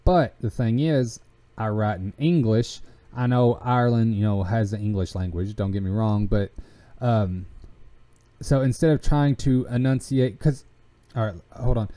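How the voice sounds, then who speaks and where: This man's voice is medium in pitch with a dark tone, carrying a Southern US country accent. Hosting a podcast, he talks in a loose, rambling way, stalling on fillers and restarting sentences often.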